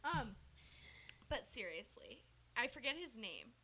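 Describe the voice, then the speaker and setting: Young woman podcaster, bubbly and crude, high bright voice, faint background hiss. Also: big pitch swings, unhurried. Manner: giggly, loud, swears freely. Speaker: podcast co-host. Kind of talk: casual chat.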